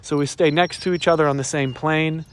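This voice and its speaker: A man working as a dog trainer, explaining his methods in a casual instructional way and coaxing the dog with high, sing-song praise. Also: steady tone, brisk. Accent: Western Pennsylvania. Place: outdoors on walks, then indoors in a stairwell. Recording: echoey, distant camera audio.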